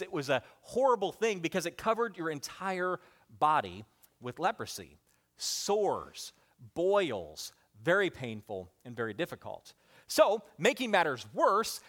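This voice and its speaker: A man preaching a sermon, swinging between loud calls and hushed lines, and asking the congregation to say the words with him. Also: high-pitched. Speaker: pastor.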